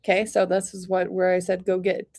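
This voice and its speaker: Gentle woman reading oracle cards live. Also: lowish voice, monotone, brisk. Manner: gentle, reassuring, clears throat often; chatty, addresses viewers by name. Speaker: oracle card reader. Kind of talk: live-streamed card reading.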